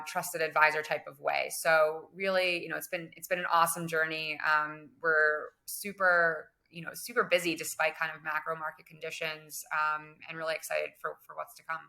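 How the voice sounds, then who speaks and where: A young woman answering interview questions about her work in finance, measured and full of "um" and "kind of". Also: lowish voice, pushed and bright. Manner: measured, many fillers and hedging phrases. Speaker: guest, crypto business development director.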